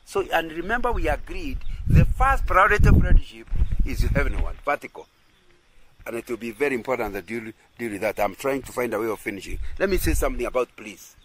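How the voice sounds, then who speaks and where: A man's voice: medium pitch, expressive, quick pace, a bit bright, a little hiss or hum, low-quality recording. A man teaching in a sermon style who keeps checking that listeners agree and often repeats and restarts his phrases. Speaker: Christian teacher.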